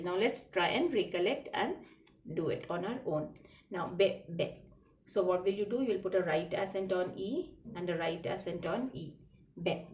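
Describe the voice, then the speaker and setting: A woman's voice: mid-range voice, a little mellow, far from the mic. A woman teaching children a lesson in a patient classroom manner, repeating words and spelling them letter by letter. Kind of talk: slow classroom lesson explaining French words. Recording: roomy echo, voice from away from the mic.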